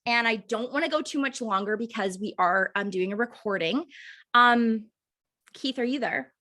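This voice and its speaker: A woman's voice: fairly high pitch, moderate pace, sharp tone. A woman leading a sales team training over a video call, chatty and fired up, with many fillers and emphatic repeats. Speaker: direct sales team leader training recruits.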